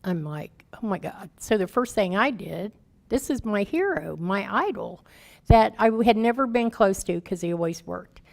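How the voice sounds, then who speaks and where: A woman's voice: medium pitch, animated, moderate pace, vocal fry, darkish tone. A woman in her fifties, a guest speaker telling her recovery story in candid, plain-spoken, folksy words, emotional and raw. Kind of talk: personal recovery testimony.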